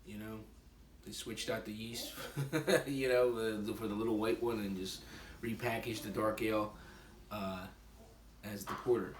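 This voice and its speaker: A man's voice: on the low side, fairly even intonation, a little slow, distant mic. A man rambling casually as he tastes and reviews his own homebrewed beer, with lots of fillers and self-deprecating asides. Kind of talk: casual tasting vlog. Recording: roomy and noisy, from off the mic.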